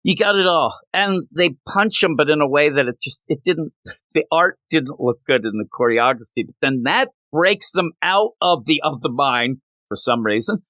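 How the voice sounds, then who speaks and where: A man hosting a comic book review podcast, chatting casually in an animated, jokey way with frequent restarts. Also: on the high side, normal speed, no room sound.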